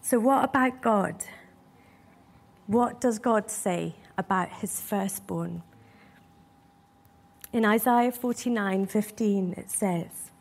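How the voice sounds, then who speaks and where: A woman's voice: mid-range voice, slow, creaky, long pauses. A woman preaching a sermon in a church hall, earnest and emotional, asking her listeners many rhetorical questions.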